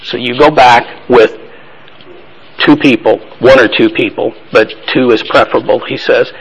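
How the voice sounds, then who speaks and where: A man's voice: mid-range voice, fairly even intonation, normal speed, breathy edge, low-quality recording. Man teaching a Bible study class. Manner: asks the class questions and affirms answers; conversational, plain-spoken.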